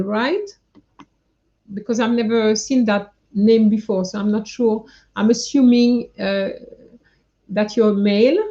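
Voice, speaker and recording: A woman teaching French over a live stream, talking slowly and patiently as she corrects each student's answers in turn. Her voice sits fairly high. The sound is a little dull and lo-fi, as from a computer mic. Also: darkish tone. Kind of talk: live online lesson.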